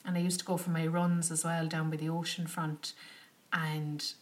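A young woman telling a travel story to her viewers in a chatty, animated way, full of "like" and "do you know". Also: low-pitched, moderate pace. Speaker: travel vlogger. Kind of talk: casual travel storytelling to camera. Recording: slightly distant from the mic.

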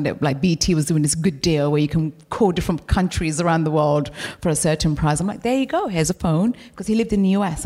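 A middle-aged woman guest speaking candidly on a live stage, telling stories in a frank, animated way and swearing freely. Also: low-pitched. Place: live venue with audience.

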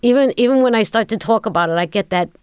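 A woman's voice: a little high, fast talker, darkish tone, clean tone, dry recording, clean studio sound. A middle-aged woman being interviewed, in casual chat, telling stories and acting out the exchanges she recalls. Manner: storytelling, acting out quoted exchanges. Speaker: guest.

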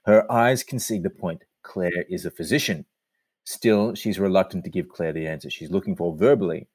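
A man's voice: low voice, normal speed, a little mellow, breathy edge, no echo. A man hosting a chat, teasing the others dryly and narrating scene directions. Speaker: host and narrator.

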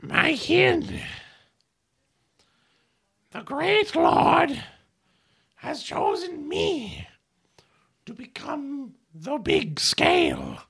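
A squeaky, swollen-voiced little reptile chieftain who shouts grand promises to his cheering tribe. His high voice is bright and sharp. It is a tabletop game voice, pompous and theatrical. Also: huge pitch swings, extremely slow, vocal fry, pauses often, full character voice. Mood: grandiose. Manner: high booming proclamation. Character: small scaly creature leader, proud and grand.

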